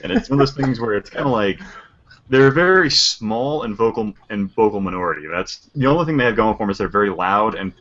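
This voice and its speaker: Man, lowish voice, bright and forceful, joking, animated, lo-fi audio. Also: fast talker, slight background noise. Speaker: podcast co-host. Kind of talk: casual chat.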